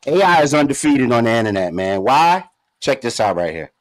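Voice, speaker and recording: A man hosting a casual sports podcast who leads the segments in a relaxed way. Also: medium pitch, brisk, dry recording. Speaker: podcast host.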